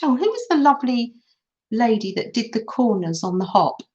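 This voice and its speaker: Her voice is fairly high with big pitch swings, a darkish tone, and normal speed. The middle-aged woman chats and giggles with viewers as she works through a casual crafting tutorial on a live stream, recorded with dull lo-fi sound.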